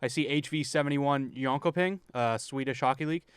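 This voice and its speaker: Clear-voiced man, joking podcast asides. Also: medium pitch, fairly quick, no room sound, clean studio sound. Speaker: podcast co-host. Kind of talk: casual podcast chat.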